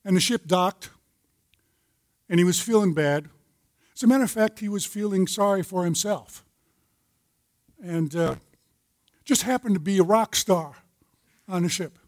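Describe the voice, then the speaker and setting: A man's voice: sits high, measured pace, long pauses, darkish tone, no echo. A retired older man teaching a men's Bible study, telling a folksy story and citing scripture. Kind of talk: sermon-style teaching.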